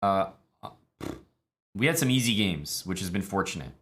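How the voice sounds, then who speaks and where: A man from Canada, streaming chess in a relaxed, chatty way with many fillers. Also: low voice, moderate pace. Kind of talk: casual live-stream commentary.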